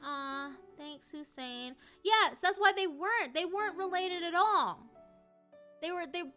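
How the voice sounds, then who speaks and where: A young woman streaming live, chatting casually and emotionally, swearing often and swinging between loud outrage and low dejected mumbling. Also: lively intonation, a little slow, soft background music. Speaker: streamer reacting to a story.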